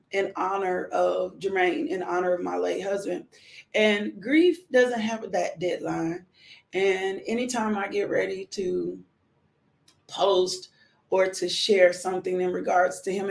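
Middle-aged woman rambling on her livestream, gravelly, says the same thing over and over. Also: mid-range voice. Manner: heartfelt, rambling, repeats herself. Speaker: livestream host, widowed mother. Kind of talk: casual live-stream chat.

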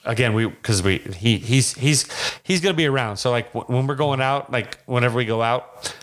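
A man's voice: medium pitch, moderate pace, a bit bright. A man from Las Vegas, co-hosting a podcast, telling rambling stories in casual chat with many restarts. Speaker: podcast co-host.

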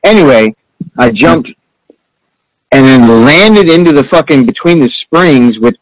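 A man's voice: mid-range voice, expressive, unhurried, dry recording, rough recording. Rambling, swearing man telling stories, dry. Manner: rambling, profane storytelling. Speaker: guest. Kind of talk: casual chat among childhood friends.

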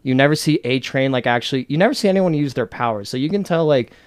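Excitable, profane podcast co-host man. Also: mid-range voice, fast, clean tone. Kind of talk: casual chat.

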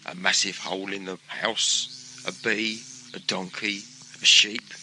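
A man's voice: fairly low pitch, level tone, unhurried, pushed and bright, a little hiss or hum, low-quality recording. A man hosting his own broadcast and telling a playful homemade story in a chatty, theatrical way. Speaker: host and storyteller.

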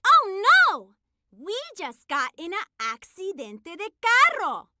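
A tiny-voiced female explorer cartoon, very high pitch, slow deliberate delivery, Spanish words thrown in, loud kids' music behind. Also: wildly swooping pitch, heavy background noise, heavily acted. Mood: brash. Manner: sprinkles Spanish words, then translates them. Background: loud children's music.

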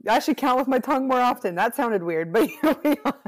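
A woman's voice: on the high side, animated, a little fast, no echo. A young woman co-hosting a casual podcast, laid-back and joking, saying "like" a lot. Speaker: podcast co-host. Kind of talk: casual chat.

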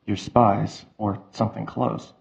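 A man's voice: lowish voice, level tone, unhurried, gravelly, darkish tone. A man doing a weary, earnest young man. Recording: slightly muffled.

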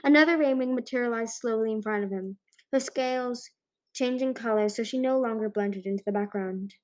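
A woman's voice: fairly high pitch, a little fast, a little mellow. A woman narrating a children's fantasy book as an amateur audiobook reader, with frequent slips and restarts.

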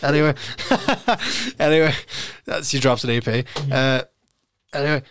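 A young man, hosting a casual podcast and telling an animated story with frequent laughs. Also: mid-range voice, measured pace, slight background noise. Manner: animated storytelling, laughs often, calls friend "lad". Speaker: podcast host. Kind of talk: casual chat.

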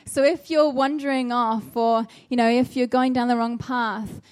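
A woman's voice: fairly high pitch, steady tone, moderate pace, darkish tone. A woman preaching a sermon, earnest and exhorting, with a run of searching rhetorical questions.

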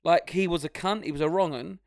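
A young man tells stories on a podcast, full of swearing, and he puts on quick voices for the people in them. His voice sits a little high and has a gravelly fry. It is recorded dry and close to the mic. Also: dry recording. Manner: swearing storyteller, acts out voices. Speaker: podcast co-host. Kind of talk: casual chat.

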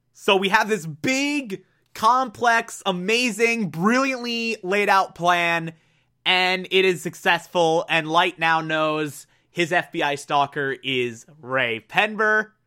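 A man with a bright, sharp voice, a bit high for a man, eagerly recaps an anime plot. He rambles loosely, full of fillers and restarts.

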